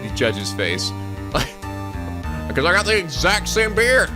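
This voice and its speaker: A man in his twenties hosting a let's play, hyper and excitable, laughing and swearing as he talks. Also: high-pitched, slow pace, long pauses. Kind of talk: excitable gameplay commentary. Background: game music.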